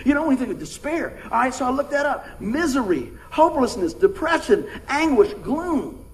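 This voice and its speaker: Speaking at normal speed in an extremely high, sing-song voice, this middle-aged pastor delivers a folksy, conversational sermon full of call-outs to the congregation. The audio quality is low.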